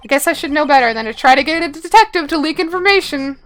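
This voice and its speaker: A woman's voice: high voice, expressive, quick pace, fairly bright tone, faint music behind. A woman streamer reading a game aloud live, with chatty asides and laughs.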